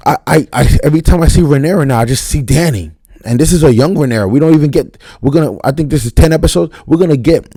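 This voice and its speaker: Dark-voiced man ranting through a recap. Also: medium pitch, no echo. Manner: profane, slangy, worked up. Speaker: TV show reviewer. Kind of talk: unscripted casual episode recap.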